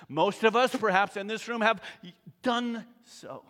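Slow, high-voiced pastor in a reverberant hall. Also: male voice, fairly bright tone. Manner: slow and deliberate, drops to near-whispers for emphasis. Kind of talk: sermon.

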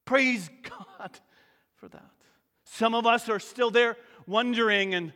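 A man preaching a sermon, slow and deliberate, sometimes dropping to near-whispers for emphasis. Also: very high-pitched, sharp tone, in a large hall. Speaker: pastor.

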